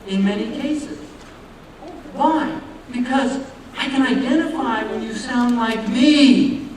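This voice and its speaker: A man's voice: extremely high pitch, takes it slowly. An American man from the New York area giving a humorous public lecture, talking conversationally with joking asides and rhetorical questions. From United States, New York area. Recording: very echoey hall, voice from far off, noisy.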